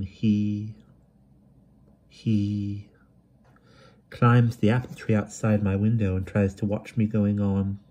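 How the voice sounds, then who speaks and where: Male reader playing a shy, hesitant young woman; breathy, a touch higher than his own voice. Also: mellow, highs cut off. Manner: hesitant, stammering.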